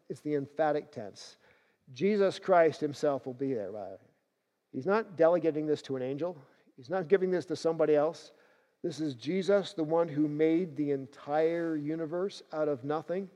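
A man preaching a sermon as pastor, emphatic and rising to loud bursts on key phrases. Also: fairly high pitch. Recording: dull sound with long hall reverb.

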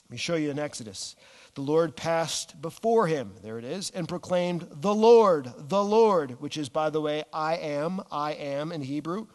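A man preaching a sermon, animated, dropping his voice low and slowing down on key words. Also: big-room sound. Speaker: pastor.

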